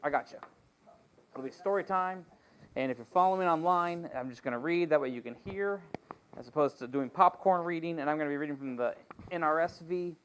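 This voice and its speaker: A man's voice: a little high, a little fast, a little hiss or hum. A man leading a Bible study as pastor, reading scripture and retelling the story in a joking, conversational way with playful asides.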